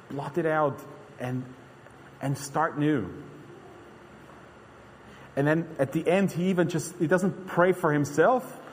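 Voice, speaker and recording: A man's voice: fairly high pitch, slight background noise. A man preaching a sermon in an earnest, conversational way, often restarting his sentences. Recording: long hall reverb.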